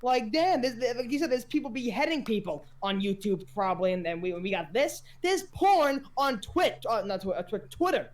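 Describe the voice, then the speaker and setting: A man talking as a guest on a casual podcast, telling stories with lively, loud quoted voices. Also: extremely high pitch, normal speed, few pauses. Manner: animated storytelling, voices quotes loudly. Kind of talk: casual chat.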